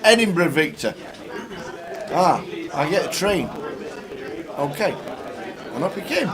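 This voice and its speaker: A man's voice: on the high side, very animated, slow. A man commentating live poker in a chatty, upbeat way, reading out chip counts. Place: poker tournament room. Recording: noisy poker room crowd behind.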